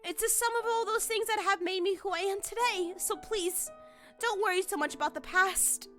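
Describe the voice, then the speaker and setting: A frank nineteen-year-old daughter, matter-of-fact and direct, as a woman reads her from a visual novel. The voice is very high and bright, with faint game music running under it. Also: normal speed. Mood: reassuring. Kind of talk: reading a visual novel aloud.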